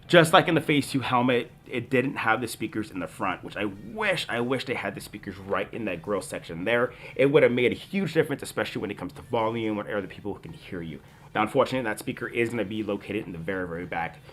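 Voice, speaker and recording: A man's voice: on the low side, a bit bright, a little hiss or hum. A man chatting enthusiastically to his viewers while reviewing a toy helmet. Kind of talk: product review vlog.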